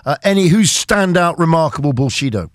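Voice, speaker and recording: A man's voice: a little high, animated, fairly quick, no room sound. Bantering male radio host. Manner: playful, bantering, riffs on the guest's stories. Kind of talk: jokey radio show chat. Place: radio studio.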